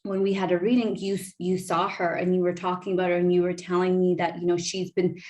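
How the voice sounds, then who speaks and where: A woman in her thirties, a podcast host, telling a personal story in a gushing, animated way with many fillers. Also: lowish voice, fast. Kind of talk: emotional casual storytelling.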